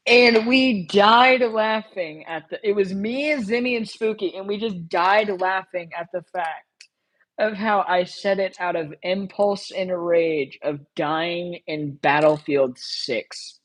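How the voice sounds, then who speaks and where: A woman streamer in a loose live-stream chat, talking straight to her viewers. Her voice sits a little low, and she drawls slowly, circling back and repeating herself as she rambles. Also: rough recording.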